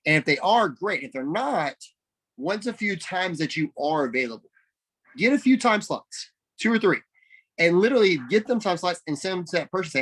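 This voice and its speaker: A man leading a team call, coaching in an energetic, emphatic way and repeating phrases for stress. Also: high-pitched, moderate pace, slightly rough. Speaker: network marketing team leader. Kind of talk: coaching talk on a group call.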